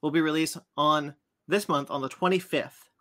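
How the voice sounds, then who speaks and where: A man in his thirties co-hosting a podcast, excitable and teasing as he runs through announcements. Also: fairly high pitch, normal speed. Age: 30s. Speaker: podcast co-host. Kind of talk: casual podcast chat.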